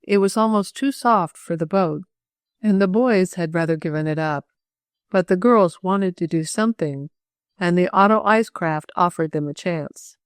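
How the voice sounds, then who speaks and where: Woman narrating an audiobook, dry and low. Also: normal speed, clear, resonant tone, dry recording. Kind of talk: scripted narration.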